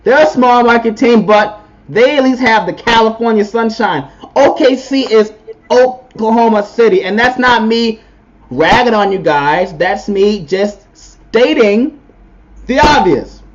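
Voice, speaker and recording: A man's voice: high-pitched, a little slow, muffled recording, slight background noise. A man co-hosting a podcast, giving a blunt, opinionated sports rant in casual talk. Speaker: podcast co-host.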